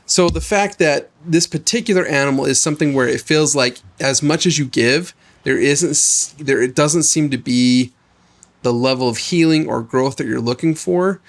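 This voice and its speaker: A man co-hosting a podcast, coaching his friend in a gentle, reflective and affirming way. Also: fairly high pitch, moderate pace. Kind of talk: coaching conversation.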